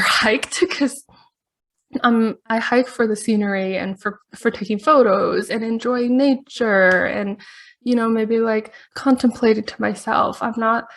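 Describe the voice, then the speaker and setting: A woman podcast host telling a story in a chatty, casual way, laughing often between her sentences. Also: medium pitch.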